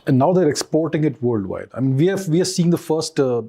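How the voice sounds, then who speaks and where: A man's voice: fairly high pitch, expressive, fast talker, mellow, husky. A man hosting an interview who asks short questions and agrees along. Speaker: host. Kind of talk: casual interview talk.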